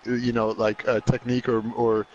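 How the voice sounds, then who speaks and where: A man co-hosting casual video game commentary, excitable and rambling, swearing freely. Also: medium pitch, normal speed, dull audio. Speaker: podcast host and co-commentator. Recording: faint background noise.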